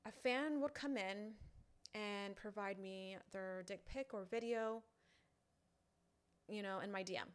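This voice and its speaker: A woman who creates online content talks casually to her fans in a halting way, full of fillers. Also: medium pitch. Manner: chatty, halting, full of "you know" fillers. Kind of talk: casual direct-to-camera talk.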